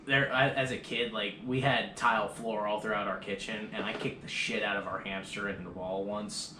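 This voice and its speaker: A man's voice: fairly low pitch, steady tone, moderate pace. A young man hosting a podcast, telling stories animatedly with swearing and laughter. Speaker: podcast host. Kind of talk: casual chat. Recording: echoey room, faint hiss.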